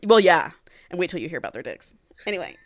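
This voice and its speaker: A woman's voice: fairly low pitch, very animated, fast talker, no room sound, clean studio sound. A woman hosting a podcast, casually and animatedly retelling a book's plot and swearing freely. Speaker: podcast host. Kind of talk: casual book recap.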